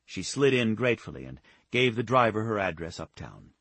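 A male audiobook narrator reads a novel in a calm, even storytelling voice. His tone is low and husky, recorded close on a dry, dead studio mic. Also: moderate pace, no room sound. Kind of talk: scripted narration.

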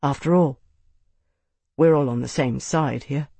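A man's voice: mid-range voice, a little slow, creaky, warm tone, breathy edge, dry recording. A dutiful young captain answering in short, respectful words, as a man reads him. The voice sits mid-range and dry, close to the mic. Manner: terse and respectful.

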